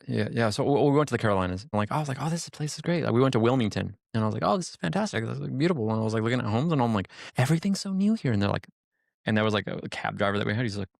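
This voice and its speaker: A fast-talking man with a gravelly, creaky edge to his voice, chatting casually on a podcast. He tells stories with energy, jumps into the voices of the people he quotes, and swears freely. The sound is dry and close, with no room echo. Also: mid-range voice. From Hispanic family background. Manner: animated storyteller, acts out quotes, swears freely. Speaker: podcast guest. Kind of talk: casual chat. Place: podcast studio.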